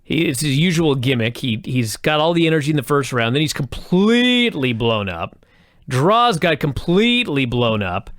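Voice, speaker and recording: A man co-hosting a casual podcast, talking bluntly with crude, deadpan complaints. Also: fairly high pitch, moderate pace, no room sound, studio quality. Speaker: podcast co-host.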